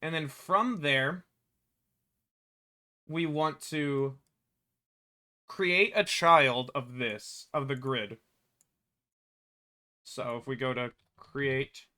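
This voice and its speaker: A man walks through his game code out loud, pausing, muttering and correcting himself as he goes. His voice sits a little high and sounds bright and forward. He is recorded indoors at his computer. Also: lively intonation, vocal fry. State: hiccuping. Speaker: game developer. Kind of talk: thinking aloud while working.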